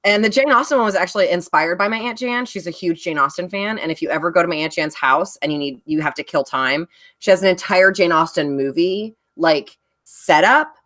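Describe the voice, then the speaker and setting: A woman with a somewhat low voice chats as a guest on a live stream. Her talk is loose and rambling, full of fillers. She sounds casual and unscripted. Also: brisk, fairly bright tone. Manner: chatty, rambling, many fillers. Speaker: guest, bag designer. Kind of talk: casual chat.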